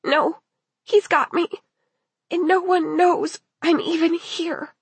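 A woman's voice: very high voice, fairly even intonation, slow pace, no room sound, voice pushed up, exaggerated voice. A woman voicing a terrified young woman held captive, pleading in frightened tones. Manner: frightened, trembling pleas. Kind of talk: audiobook character voice.

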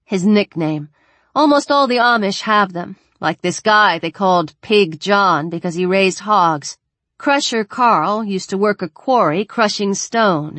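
A woman's voice: medium pitch, fairly bright tone, no echo, voice pushed up. A woman reading an audiobook, voicing a blunt, chatty teenage girl who swears casually.

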